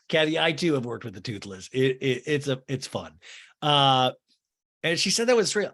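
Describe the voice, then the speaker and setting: A man hosts a comedic podcast, recapping a reality TV episode with sarcasm and exasperation. His pitch is middling but swings widely as he reacts. His delivery stays animated and mocking. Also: normal speed. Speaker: podcast host.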